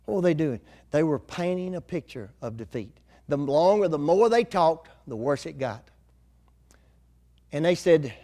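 Older male preacher, high voice, homespun conversational sermon delivery. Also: animated, unhurried, dark tone. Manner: folksy, conversational preaching with rural grammar.

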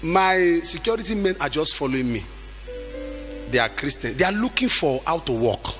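A middle-aged man preaching a sermon with emphatic delivery, at times shouting and acting out the people he quotes. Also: a little high, expressive, normal speed, faint music behind.

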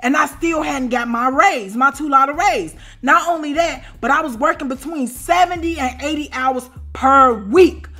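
A woman in her forties telling a story in a casual, animated way, full of slang and repeated asides. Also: high-pitched, moderate pace, few pauses. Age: 40s. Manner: animated, repeats "you know what I'm saying". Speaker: storyteller vlogger.

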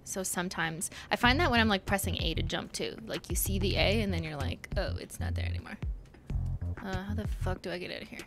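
A woman's voice: mid-range voice, fast, hardly any pauses. A woman streaming a game live, chatting casually, swearing a lot and breaking into anxious squeals. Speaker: livestreamer. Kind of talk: casual gameplay commentary. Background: game music.

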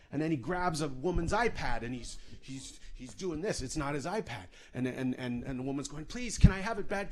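A man performing stand-up comedy, telling a self-mocking story with lots of asides. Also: medium pitch.

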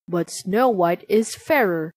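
A woman's voice: lowish voice, slow, a little mellow. A woman voicing a chatty, blunt magic mirror in a storybook reading. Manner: chatty, matter-of-fact.

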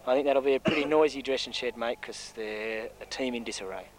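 A man's voice: medium pitch, fairly quick, slight background noise, low-quality recording. A man with an Australian accent, a chatty, wisecracking co-commentator on an amateur rugby league match. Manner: chatty, wisecracking, says "mate" often.

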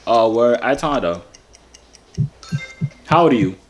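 A man's voice: medium pitch, lively intonation, a little slow, a little hiss or hum. A man in his twenties with a New York accent, chatting and flirting playfully with strangers on a video app and joking to his viewers in street slang. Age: 20s. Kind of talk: casual flirty chat with asides to viewers.

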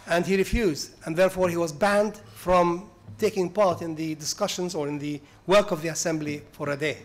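A man giving an academic lecture in an explanatory way, now and then asking for the next slide. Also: high voice.

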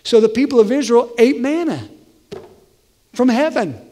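A male pastor preaching a conversational, animated sermon in a church sanctuary. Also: very high voice, normal speed. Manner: conversational, animated, acts out voices. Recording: long hall reverb.

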